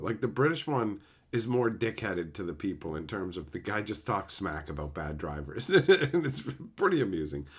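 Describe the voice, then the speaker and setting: A man's voice: on the low side, fairly bright tone. A man from Canada chatting casually on a livestream, swearing freely and laughing often as he answers his chat. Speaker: streamer reading chat.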